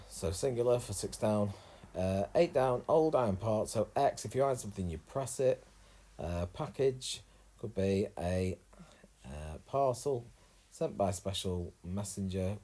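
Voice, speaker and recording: A man explains crossword answers one clue at a time in a laid-back, thinking-aloud way, often pausing on an uh. His voice sits a touch low. The tone is warm and mellow. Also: rough recording. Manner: relaxed, thinking aloud with many uhs. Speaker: crossword solver. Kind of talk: casual crossword walkthrough.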